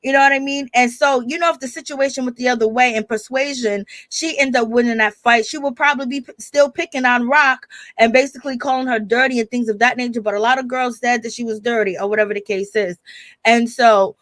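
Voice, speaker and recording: A young American woman chats through a reality-show recap in a gossipy, filler-heavy way. Her voice sits fairly high for a woman. The sound is dry and close, with no room around it. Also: steady tone, fairly quick, fairly bright tone, no room sound. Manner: chatty, gossipy, lots of filler phrases. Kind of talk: casual recap commentary.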